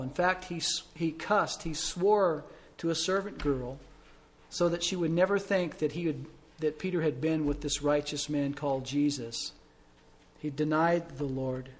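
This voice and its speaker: A middle-aged man preaches as pastor, earnest throughout, sinking to soft, low tones and then rising to loud emphasis. His voice sits somewhat high for a man. He moves from sermon into a closing prayer in the same steady, pleading way.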